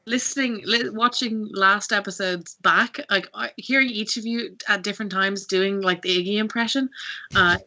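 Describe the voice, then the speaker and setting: An Irish woman co-hosts a tabletop stream, chatty and giggly. Her voice is bright and forward. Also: medium pitch, steady tone, moderate pace. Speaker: co-host. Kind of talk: casual announcements.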